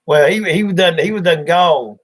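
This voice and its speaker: A man's voice: on the high side, moderate pace. A man, hosting a livestream and telling rambling, folksy stories, acting out the voices. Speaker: livestream host. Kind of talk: casual storytelling chat.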